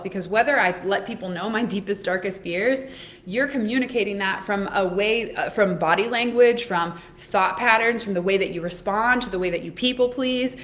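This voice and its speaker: A woman's voice: medium pitch, fairly quick. A woman in her thirties hosting a live oracle card reading, talking straight to her viewers in an upbeat, encouraging way. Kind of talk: live-streamed motivational talk.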